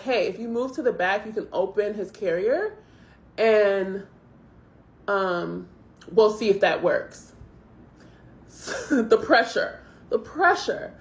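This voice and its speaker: A young woman casually telling a travel story to camera, chatty and animated, acting out what people said. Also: mid-range voice, reverberant. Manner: chatty, animated retelling with quoted asides. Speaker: vlogger.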